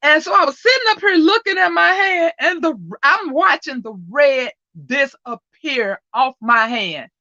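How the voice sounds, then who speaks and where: A chatty woman hosts a casual livestream and tells stories with plenty of laughter. Her voice is bright and forward. The sound is dry and a little dull. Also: high-pitched, expressive, measured pace, few pauses, no room sound. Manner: chatty storyteller who laughs often. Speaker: livestream host.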